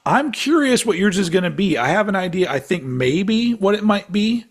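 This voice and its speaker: A man in his forties co-hosting a casual podcast, chatting excitably and swearing freely. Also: high voice, normal speed. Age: 40s. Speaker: podcast co-host. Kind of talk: casual chat ranking albums.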